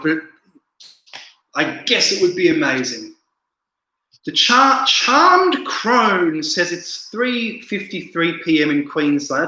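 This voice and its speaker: Male livestream host, rambling chat with viewer questions, bright, slightly high voice, heavy room echo. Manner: rambling, repeats words, answers viewer comments. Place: indoor room, home livestream. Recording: very echoey room.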